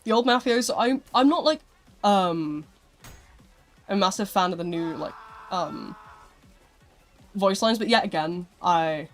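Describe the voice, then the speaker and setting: A gaming streamer chats live with viewers in a mid-pitched voice and answers their questions as they come in. The talk rambles, full of "like" and "um". Soft game music plays underneath. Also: expressive, a little slow, pauses often. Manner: chatty and rambling, with frequent "like" and "um" fillers.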